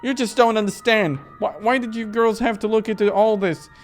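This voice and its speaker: A man voicing a panicked, armed nun who yells shrilly. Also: fairly even intonation, fairly quick, soft background music, close to an everyday voice. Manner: shrill, yelling.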